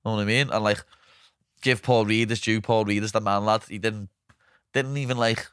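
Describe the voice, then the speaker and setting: A young man with a Liverpool accent, hosting a casual podcast chat and telling animated stories, swearing freely and acting out what people said. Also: lowish voice, moderate pace, clear, resonant tone, no room sound, studio quality. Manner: animated anecdotes, swears freely, acts out quotes. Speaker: podcast host.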